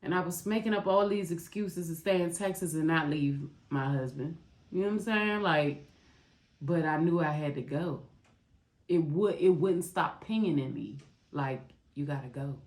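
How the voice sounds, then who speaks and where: Low-voiced woman, candid confessional podcast. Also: moderate pace, darkish tone. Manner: raw, heartfelt, speaks straight to listeners as "y'all". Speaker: podcast host. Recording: roomy echo.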